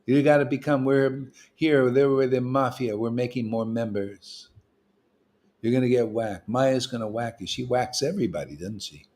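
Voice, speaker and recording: A man leading a gathering of devotees, preaching in a loose, slangy, teasing way, with his voice swinging from loud bursts to quiet asides. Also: moderate pace, hardly any pauses. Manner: emphatic and slangy, with swings in loudness and pitch; teasing, playful jokes between serious points. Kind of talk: informal preaching to a small group.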